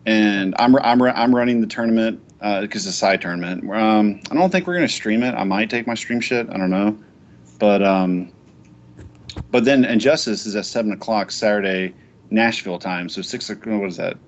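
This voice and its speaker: Excitable rambling man on a lo-fi podcast. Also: fairly low pitch, normal speed. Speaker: podcast host. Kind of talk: casual gaming podcast chat.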